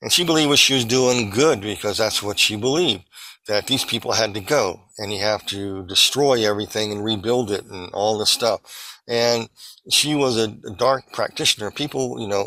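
A man earnestly recounting a vision as testimony, halting and restarting as he searches for words. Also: lowish voice, bright, forceful tone, rough recording.

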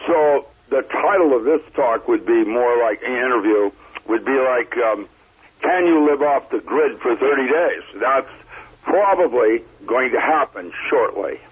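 A man's voice: mid-range voice, expressive, unhurried, breathy edge. A man speaking as a guest on a call-in interview, stating his views bluntly and matter-of-factly. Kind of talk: phoned-in interview talk. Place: calling in remotely. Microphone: phone or computer line. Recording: tinny phone line.

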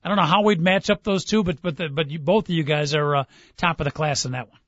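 Upbeat radio host, slightly higher voice. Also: male voice, fast talker, fairly bright tone, no room sound. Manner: upbeat quizzing, reads lines aloud, laughs easily. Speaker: radio sports talk host. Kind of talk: casual radio chat. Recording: dull dry studio sound.

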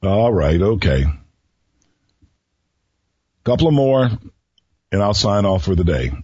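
A man hosting a radio talk show who tells riddles to his listeners slowly, repeating each one and pausing before the answer, with a folksy manner. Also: lowish voice, sing-song, darkish tone, slightly rough, no room sound. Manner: folksy, chuckles at his own jokes. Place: radio studio. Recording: dull lo-fi radio recording.

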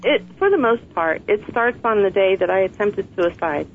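A woman's voice: medium pitch, animated, moderate pace. A woman author talking earnestly and reflectively in an interview. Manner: earnest, reflective, laughs softly. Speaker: author and guest. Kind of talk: interview conversation. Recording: tinny phone line with faint hiss.

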